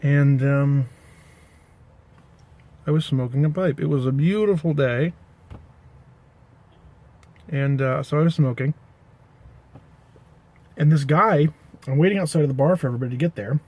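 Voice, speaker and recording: A man's voice: fairly high pitch, a little slow, long pauses, a little mellow. A man casually telling an anecdote to the camera, rambling, correcting himself and adding dry asides. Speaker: pipe-smoking vlogger.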